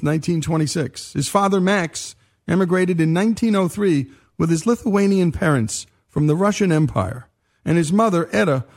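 A male host narrates in a steady, explanatory tone, with a slightly raised pitch. He tells the story in an even way, as if reading from a script. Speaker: radio show host.

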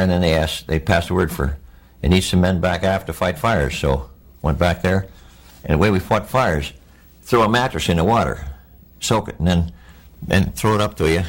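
An older man, a war veteran, recounting his memories in a plainspoken, halting oral-history interview. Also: low voice.

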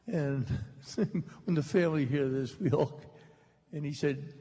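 A man's voice: fairly high pitch, normal speed, dark tone. A man from the United States telling wry, humorous stories about his family to a live audience and acting out the quotes, in an archival recording from a large hall. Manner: wry, dry storyteller, acts out quotes. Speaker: author telling stories on stage.

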